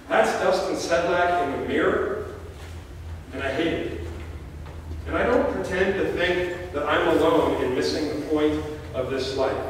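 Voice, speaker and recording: A man preaching a sermon, his slightly high voice carried by a long church reverb. He tells stories and jokes with dramatic pauses, heard from a distance with faint room noise behind him. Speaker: pastor. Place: church sanctuary. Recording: echoey church hall from far off, faint noise.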